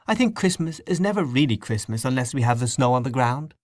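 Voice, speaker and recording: A man voicing a young woman party guest who chatters rapidly and eagerly. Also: medium pitch, animated, no room sound, studio quality, voice pushed up, close to an everyday voice.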